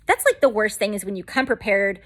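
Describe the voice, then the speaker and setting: A woman's voice: medium pitch, big pitch swings, brisk, fairly bright tone. Chatty woman telling a personal story. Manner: chatty, rambling, lots of fillers. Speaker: vlogger. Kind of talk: casual storytelling to camera.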